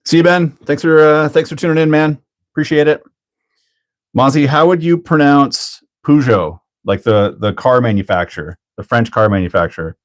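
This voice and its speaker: A man's voice: on the high side, moderate pace. A man hosting a hobby livestream in casual chat, joking, laughing often and answering chat as he builds a kit.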